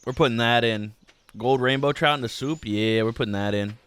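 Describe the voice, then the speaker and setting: A man's voice: medium pitch, a little fast, background noise. A man hosting a gaming channel, rambling casually through let's-play commentary with many filler words.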